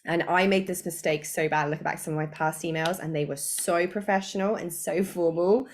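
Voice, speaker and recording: A woman's voice: lowish voice, fairly even intonation, a little fast, a little hiss or hum. A woman running a live business training webinar from a home spare room, talking in a chatty, informal way and laughing often. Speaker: online business coach.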